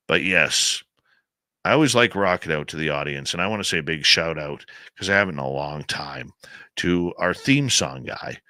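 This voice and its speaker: A man's voice: low-pitched, sharp tone, no room sound. A Canadian man hosting a late-night radio talk show, chatty and enthusiastic, rambling as he tells stories and answers audience questions.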